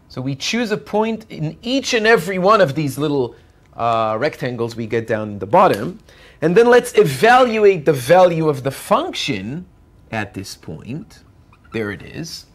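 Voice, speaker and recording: A male university lecturer working through a math lecture at an unhurried pace. His pitch rises and falls widely as he explains each step while drawing, and he keeps pausing to ask whether the class follows. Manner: checks in with students often.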